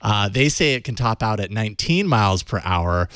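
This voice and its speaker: A young man co-hosting a tech news show, chatting casually with easy jokes and quick laughs in a studio. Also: on the low side, expressive, a bit bright, clear, resonant tone, dry recording. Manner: easygoing, joking, quick laughs. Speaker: co-host. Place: studio with live audience.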